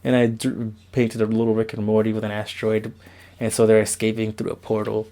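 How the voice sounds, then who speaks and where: A man's voice: on the low side, monotone, brisk, dark tone. A young man casually rambling through a tour of his bedroom walls, loose and self-mocking, recorded on a camera mic. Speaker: vlogger. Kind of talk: casual room-tour vlog. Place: bedroom at home.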